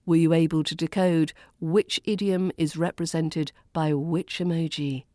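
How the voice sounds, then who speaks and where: British RP woman, accent coach, unhurried delivery, repeats each phrase twice, low-ish voice. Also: fairly even intonation, warm tone, no echo, clean studio sound. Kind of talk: scripted accent lesson.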